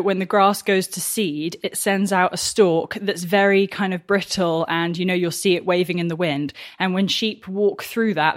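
A young woman chatting casually in a farm vlog, nervous and quick to laugh, talking from a tractor cab. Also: fairly low pitch, no echo, studio quality. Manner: chatty, nervous, laughs often, exclaims a lot. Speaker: farm vlogger. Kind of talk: casual vlog talk to camera.

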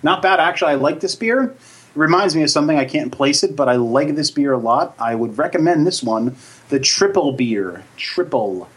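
A man with a somewhat high, husky voice that swings widely in pitch as he reviews beers on a casual live stream. He teases his co-host and lapses into a hammy infomercial delivery. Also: expressive, a little fast. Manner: teasing, mock infomercial delivery. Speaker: co-host of a beer tasting show. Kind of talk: casual joking beer review chat.

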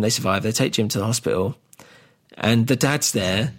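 Brief: lowish male voice, amused podcast host, casual film-recap chat. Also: normal speed. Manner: amused, recapping a plot with laughs and mock quotes.

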